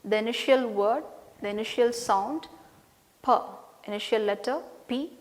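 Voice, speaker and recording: A woman lecturer of English giving a slow, deliberate pronunciation lesson, repeating each sound and word list and checking in with "right?". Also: a little high, a little mellow, big-room sound.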